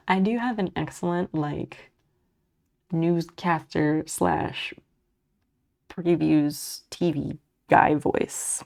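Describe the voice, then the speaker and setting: A woman's voice: deep voice, steady tone, very slow, gravelly, long pauses, darkish tone. A woman streamer chatting casually with her viewers while she crochets, muttering and swearing under her breath as she works. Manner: chats back to viewers' messages.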